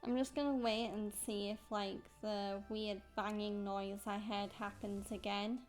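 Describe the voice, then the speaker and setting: A woman's voice: medium pitch, little pitch movement, a little slow, faint music behind. A young woman streaming a game, chatting in a rambling, distracted way into a headset. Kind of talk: casual gameplay chat.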